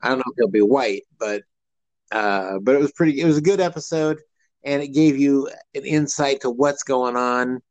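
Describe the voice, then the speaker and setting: A man talks casually as a podcast co-host, rambling and restarting his sentences, with plenty of fillers. His voice sits at an ordinary middle pitch. The sound is dry and close, with no room around it. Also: normal speed, darkish tone, no room sound, muffled recording. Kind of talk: casual chat.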